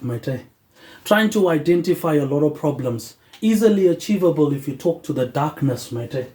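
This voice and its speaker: Rambling New man in an echoey room. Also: a little high. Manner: ends nearly every phrase with a quiet tag word; loose, drifting train of thought. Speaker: host. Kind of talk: rambling philosophical monologue.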